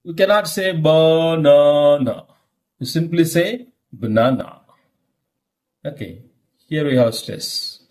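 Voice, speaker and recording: Teacher guy, middle aged, talks slow, keeps checking you get it. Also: a little high, very animated. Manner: slow, repetitive, checks understanding often. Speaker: English lecturer. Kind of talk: classroom-style teaching.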